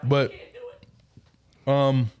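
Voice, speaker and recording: A man's voice: medium pitch, little pitch movement, extremely slow, a little mellow. A man in casual talk with friends, explaining his fantasy football picks at length with many restarts. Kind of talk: casual banter among friends.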